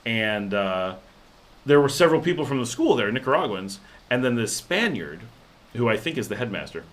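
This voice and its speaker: A man's voice: mid-range voice, moderate pace. A man with an ordinary mid-range voice hosts a casual livestream. He tells stories in an easygoing way and reads out viewer comments. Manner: relaxed storytelling, reads viewer comments aloud. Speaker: livestream host.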